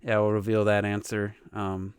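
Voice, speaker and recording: A man of middle pitch hosts a gaming podcast and sets up trivia questions in a relaxed, chatty way. His voice sounds dry and close, with no room around it. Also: normal speed, smooth, dry recording. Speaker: podcast host. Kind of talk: casual chat.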